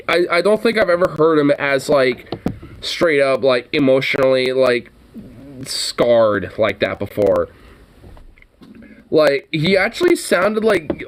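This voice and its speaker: A man's voice: on the high side, a little hiss or hum. A man streaming a profane, mocking reaction to a news clip, exasperated and swearing heavily.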